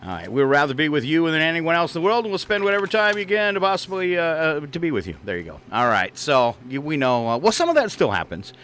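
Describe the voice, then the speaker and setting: A male radio host talking into a studio mic, teasing and jokey, breaking into chuckles between remarks. His voice sits fairly high and bright, moving animatedly up and down, with a faint hiss underneath. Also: big pitch swings, quick pace, hardly any pauses. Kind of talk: morning radio banter.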